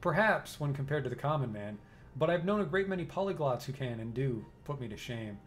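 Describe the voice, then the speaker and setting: A man's voice: mid-range voice, sing-song, a little hiss or hum, lightly acted. A man voicing a cultured, polite engineer. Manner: pleasant, measured, formal. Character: cultured middle-aged male engineer, polite, precise. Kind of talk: reading game dialogue aloud.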